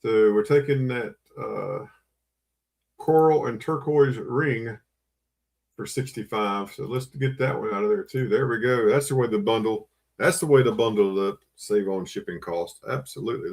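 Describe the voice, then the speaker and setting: A man's voice: medium pitch, darkish tone. A man hosting a live online auction, repeating bids and coaxing buyers with auctioneer patter. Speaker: livestream auction host.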